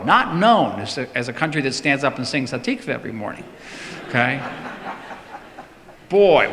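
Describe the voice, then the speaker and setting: A man's voice: mid-range voice, sharp tone. A man answering audience questions in a public talk, emphatic and often repeating words for stress. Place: synagogue hall. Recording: long hall reverb.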